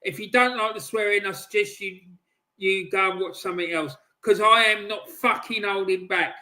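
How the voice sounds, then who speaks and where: A man hosting a football channel, ranting angrily and swearing heavily, with loud shouting bursts, off camera at home. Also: high-pitched, normal speed. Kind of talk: angry ranting monologue.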